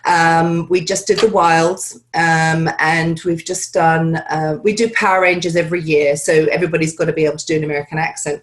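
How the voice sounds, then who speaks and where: A woman's voice: low voice, flat delivery, a little fast, hardly any pauses. A woman working as an accent and dialect coach, answering interview questions in a chatty, rambling way with many fillers, speaking over a video call from home.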